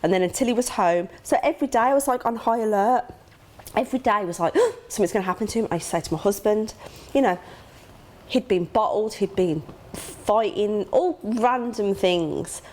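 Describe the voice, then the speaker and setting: A middle-aged woman talks openly and emotionally as an interview guest. She tells her memories quickly, acting out remembered conversations, and her voice jumps high when she gasps. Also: darkish tone. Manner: emotional, acts out quoted dialogue with sudden high gasps. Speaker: interview guest, grieving mother.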